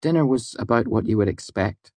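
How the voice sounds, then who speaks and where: A man's voice: mid-range voice, expressive, a little fast, a little mellow, no echo, voice pushed up, lightly acted. A man voicing an elegant young woman who speaks in a light, teasing, amused way.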